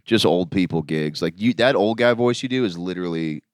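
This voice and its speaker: A young man from Florida hosts a casual comedy podcast in a low voice that swings up and down a lot. He talks loosely and swears often, trailing off mid-sentence. The sound is close and dry. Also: animated, brisk, dry recording. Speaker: podcast host.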